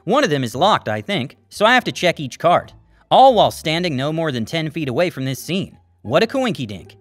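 A man narrating a story in a wry, lively style. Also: a little high, a little fast, dry recording.

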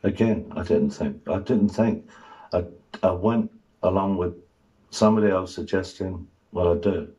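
A man being interviewed on television, answering in a halting, stammering, subdued way. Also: low voice, dark tone, highs cut off. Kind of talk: archive TV interview.

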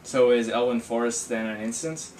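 A friend with a sore, raspy voice bantering crudely about a video game. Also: medium pitch, moderate pace, a little mellow, a little hiss or hum. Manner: playful banter, crude jokes. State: strained, sore voice. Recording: echoey room, voice from off-mic.

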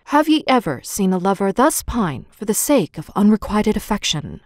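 A woman voicing a lovesick young man, lower. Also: big pitch swings, normal speed, a little mellow, no echo, studio quality, close to an everyday voice. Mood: yearning. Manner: yearning, old-fashioned formal speech.

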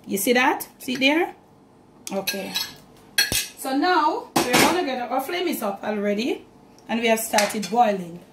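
Talking directly to the camera from her home kitchen, this Jamaican-accented cooking host mixes in Patois as she cooks, her slightly high voice very animated yet unhurried, with long pauses. The audio is reverberant and very noisy.

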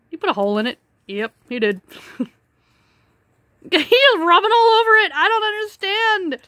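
Very high, lively playful woman. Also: measured pace, no echo, studio quality. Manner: playful, teasing, laughing often. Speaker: pet vlogger. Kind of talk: casual talk to her cat.

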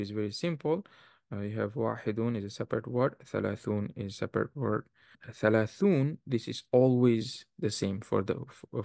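Gravelly-voiced man teaching a language class. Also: mid-range voice, no echo, clean studio sound. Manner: patient, explanatory, asks the class questions. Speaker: Arabic teacher. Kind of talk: classroom lesson explaining grammar.

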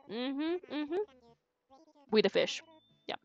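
A woman's voice: a little high, expressive, measured pace, dry recording, lo-fi sound. A young woman streaming a video game, chatting casually and giggling while she plays and talks to her chat. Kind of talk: casual gameplay commentary. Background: faint game music.

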